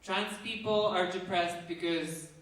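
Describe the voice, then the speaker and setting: Slow, deadpan woman comic. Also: lowish voice. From Russia. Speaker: stand-up comedian. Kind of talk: stand-up comedy set. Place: university theatre stage. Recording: echoey theatre, mic far off.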